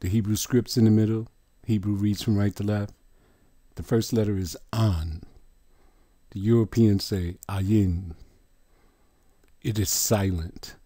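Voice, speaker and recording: A male preacher giving a Bible teaching in a deliberate, emphatic sermon style, stretching out key words. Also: fairly low pitch, steady tone, dark tone, no echo.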